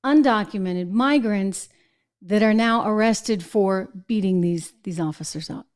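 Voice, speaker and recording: A woman's voice: medium pitch, measured pace. A woman from New Hampshire hosting a political commentary show, firing off rhetorical questions and mocking quotes. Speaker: show host.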